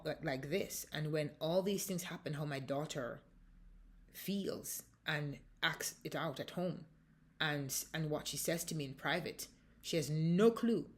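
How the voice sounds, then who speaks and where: An American woman telling an emotional personal account as a mother, impassioned and halting, often restarting her sentences. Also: low-pitched. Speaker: mother recounting a dispute.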